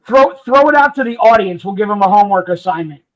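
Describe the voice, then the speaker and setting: A man's voice: high voice, animated, fast. A man co-hosting a casual sports podcast, making emphatic points and leaning on "I mean". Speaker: podcast co-host. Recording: dull lo-fi audio.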